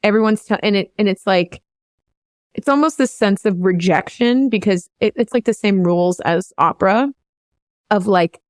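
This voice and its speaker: A woman's voice: mid-range voice, moderate pace, a little mellow, no echo. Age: unknown. Sex: woman. Role: vocal coach host. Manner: rambling, earnest, emotionally open. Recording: dry. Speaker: vocal coach hosting a podcast. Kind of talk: candid podcast conversation.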